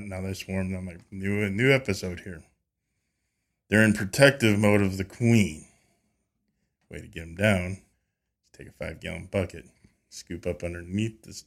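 A man guesting on a podcast, chatting casually and telling a lively story, acting out quoted dialogue with frequent restarts and repeated words. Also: lowish voice. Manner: animated, acts out quoted dialogue with lively voices.

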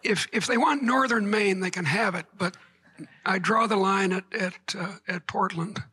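A man giving a public lecture to an audience, halting and repeating words, with wry asides. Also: sits high, pushed and bright, husky, poor audio.

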